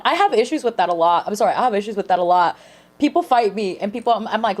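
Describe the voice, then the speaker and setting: A woman streamer chatting casually and excitedly with her viewers while reacting to a sermon. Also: mid-range voice, very fast. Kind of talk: casual watch-along commentary.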